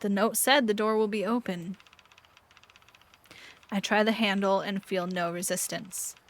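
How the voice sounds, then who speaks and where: A woman streamer narrating an interactive mystery book aloud, playful and animated between passages. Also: mid-range voice, unhurried. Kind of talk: dramatic read-aloud narration.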